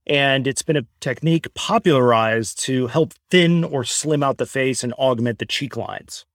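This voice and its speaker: A man co-hosting a podcast, speaking in an even, explanatory way. His pitch is average, and the recording is dry and close. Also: normal speed, no echo. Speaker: podcast co-host. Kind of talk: reading a disclaimer, then casual chat.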